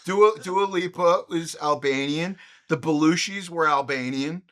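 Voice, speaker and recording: A man hosting a podcast, riffing through a profane, comedic movie retrospective with animated jokes. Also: fairly high pitch, measured pace. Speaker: podcast host.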